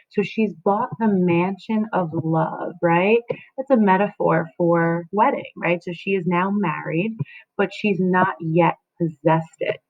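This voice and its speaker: A woman's voice: lowish voice, fairly even intonation, a little slow. A woman teacher explaining a play to students, often checking in with "right?" and "okay?". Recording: phone-like lo-fi audio.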